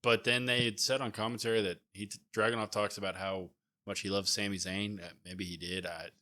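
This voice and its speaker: A man's voice: lowish voice, little pitch movement, brisk, pushed and bright. A man co-hosting a casual wrestling podcast, easygoing and laughing often as he weighs in. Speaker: podcast co-host. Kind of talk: casual wrestling review chat.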